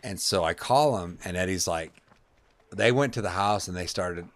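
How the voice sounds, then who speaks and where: Streamer, middle-aged guy, lowish voice, acts out the voices in his story. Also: moderate pace. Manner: animated, acts out voices, says man a lot. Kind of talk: casual storytelling while streaming a game.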